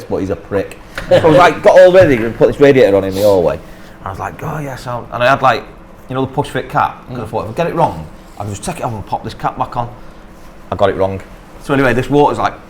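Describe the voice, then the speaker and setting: A man with a Northern English accent, co-hosting a podcast in casual chat, telling stories in an animated, sweary way. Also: medium pitch. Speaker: podcast co-host.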